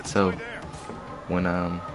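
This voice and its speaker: A man's voice: sits low, monotone, extremely slow. A young man telling a story in a loose, slangy, rambling way on a casual live stream. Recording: music playing behind.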